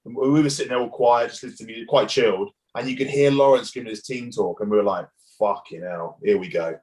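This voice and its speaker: A man's voice: medium pitch, fast talker, darkish tone, low-quality recording. A man in his thirties, a former rugby player, casually telling stories as a podcast guest and swearing freely. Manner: laid-back storytelling, swears freely. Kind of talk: casual chat.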